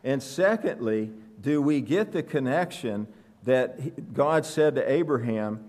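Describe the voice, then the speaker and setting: A man's voice: medium pitch, lively intonation, measured pace, darkish tone. A man preaching a sermon, asking the congregation questions and joking with them. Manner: conversational, asks the congregation questions, joking asides.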